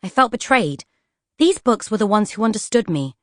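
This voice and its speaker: A woman narrating a children's fantasy audiobook in an expressive storytelling style. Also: mid-range voice, moderate pace, no room sound, studio quality. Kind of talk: scripted children's book narration.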